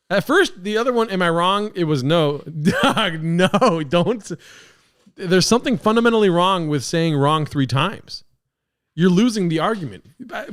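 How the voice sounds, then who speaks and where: A young man hosts a podcast in a loose, profane rant, all mock outrage and running commentary. His voice sits high and leaps around with lively swings in pitch. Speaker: podcast host. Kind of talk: casual reaction commentary.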